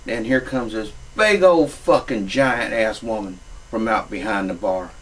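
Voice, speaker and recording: A man's voice: lowish voice, measured pace, a bit bright, husky, distant mic, low-quality recording. A man, telling a crude comic story in a profane, drawling redneck manner. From Louisiana.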